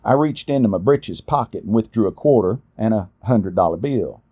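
A middle-aged man telling a personal story in a folksy, unhurried way. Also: on the low side, lively intonation, warm tone, breathy edge. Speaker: storyteller, podcast host. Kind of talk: storytelling narration.

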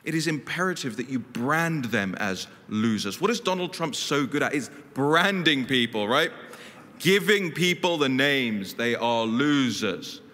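Animated man speaking in a hall. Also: medium pitch, measured pace. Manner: animated, emphatic, punchy storytelling. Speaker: guest speaker. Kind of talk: political speech with anecdotes. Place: conference hall. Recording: reverberant hall.

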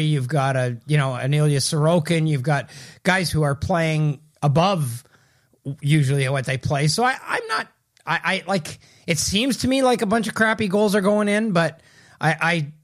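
A man co-hosting a hockey podcast, talking in a loose, rambling way with many restarts. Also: on the high side. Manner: rambling, self-correcting, loose. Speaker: podcast co-host, hockey writer. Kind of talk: casual podcast chat.

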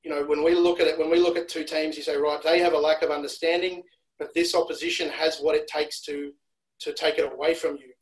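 Male analyst guest from Australia, casual podcast chat, slightly raised pitch, analytical delivery. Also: level tone, brisk, poor audio. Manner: analytical, repeats words when restarting.

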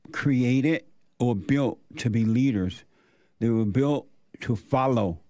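A man's voice: mid-range voice, darkish tone, dry recording. An older man hosting a radio talk show, preaching his opinions in an emphatic, repetitive way.

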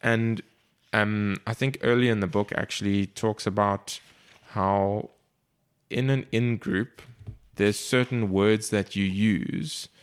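A man in a casual book discussion, speaking in a measured, reflective way. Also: on the low side, steady tone, clean tone. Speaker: podcast co-host discussing a book.

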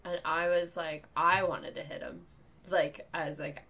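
A young woman with a New York accent telling a story on a casual podcast, animated and swearing, acting out the people in it. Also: on the low side, measured pace. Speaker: comedian guest.

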